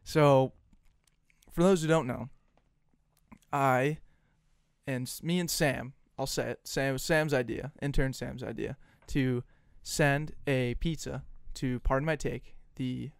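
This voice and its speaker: A young man co-hosting a podcast in casual chat, telling a story with lively acted-out phone calls. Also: mid-range voice, a little slow, creaky, clear, resonant tone, no echo, studio quality. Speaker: podcast co-host.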